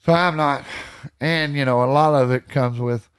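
A middle-aged man with a drawl tells old hunting stories with plenty of energy. His voice sits at an ordinary pitch, and he talks loosely, dropping cuss words as he goes. It is relaxed, unscripted podcast chat. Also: normal speed, clean tone. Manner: energetic storyteller who swears freely. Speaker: podcast guest. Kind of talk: casual storytelling chat.

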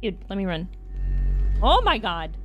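A woman's voice: mid-range voice, wildly swooping pitch, measured pace, background noise. A young woman streaming a game, talking to herself and her chat, swearing and shrieking in sudden bursts. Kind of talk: casual gaming commentary.

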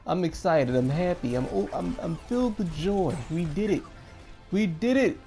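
Excitable young man with a gravelly voice. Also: sits high, normal speed, soft background music. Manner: excitable, hyped, repeats himself. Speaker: gaming YouTuber. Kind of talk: live gameplay commentary.

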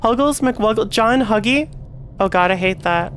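Young woman game streamer, chatty, quick to curse; light hiss in the background. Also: on the high side. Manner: chatty, swears and yells when frustrated. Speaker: VTuber streamer. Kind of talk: casual gameplay commentary.

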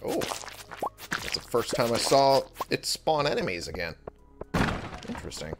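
A man hosts a gaming video, chatting to himself through casual let's-play commentary while game music plays. His mid-range voice is sing-song at a moderate pace.

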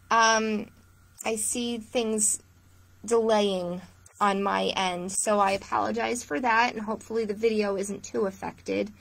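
A woman librarian reading a picture book aloud for children, asking gentle questions of her young listeners. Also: fairly high pitch, vocal fry. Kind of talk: children's storytime read-aloud.

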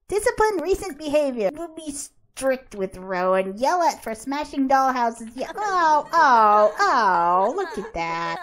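Lively high-voiced woman playing a game. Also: unhurried, background noise. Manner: chatty, laughs often, talks to game characters. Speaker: game channel host. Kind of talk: casual gameplay commentary.

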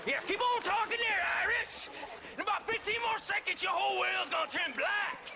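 A gloating, gravelly outlaw. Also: male voice, extremely high pitch, moderate pace, noisy background. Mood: menacing. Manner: gloating, threatening. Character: menacing outlaw captor, threatening man. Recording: game audio with hoofbeats and ambience.

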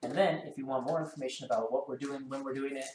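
A man hosting a tabletop game stream as dungeon master, talking quickly with lots of ums and uhs. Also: mid-range voice, steady tone. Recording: roomy sound with clear background noise.

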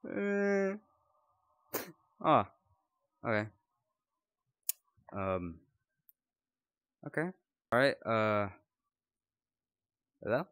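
A man's voice: medium pitch, big pitch swings, drawn-out words, long pauses, a bit bright, clear, resonant tone, dry recording, clean studio sound. A young man commentating his own horror game playthrough, jumpy and rambling, yelping when startled. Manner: jumpy, yelps and rambles while scared. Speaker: gaming YouTuber.

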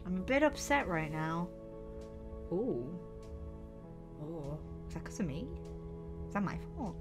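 A woman voicing a sneaky young female student at camp in a game-based roleplay story, excitable and chatty, with gasps and whispered asides. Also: on the low side, measured pace, music in the background. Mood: hushed. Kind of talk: Minecraft roleplay acting.

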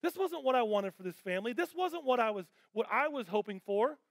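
The voice of God, put on by a preaching man, speaking with gentle reassurance. It sits noticeably higher than his usual voice and stays earnest. It comes across as pleading rather than commanding. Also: lively intonation, a little fast, vocal fry, no echo, studio quality, heavily acted. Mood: reassuring.

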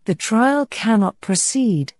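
A woman voicing a fussy, anxious old king in a storybook reading, speaking gravely and hesitantly. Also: on the high side, animated, slow pace, darkish tone, dry recording, studio quality, voice pushed up.

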